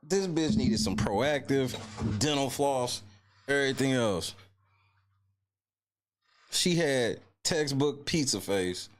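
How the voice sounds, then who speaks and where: A man's voice: medium pitch, animated, takes it slowly, pauses often, slight background noise. A man hosting a reaction show and mocking the clip with crude jokes. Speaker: host reacting to clips. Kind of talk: casual reaction commentary.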